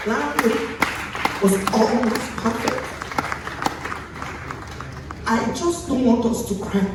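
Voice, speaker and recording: A woman's voice: fairly high pitch, slow, a loud crowd. A Nigerian woman giving an earnest, pleading tribute speech, often quoting a friend. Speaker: speaker at a tribute event. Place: large event hall. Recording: echoey hall from far off, background noise.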